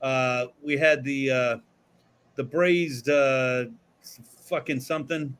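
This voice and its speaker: A man's voice: mid-range voice, fairly even intonation, takes it slowly, a bit bright, clean tone. A man co-hosting a casual talk show, telling profane, laid-back stories from a studio. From Florida. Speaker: podcast co-host. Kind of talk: casual chat.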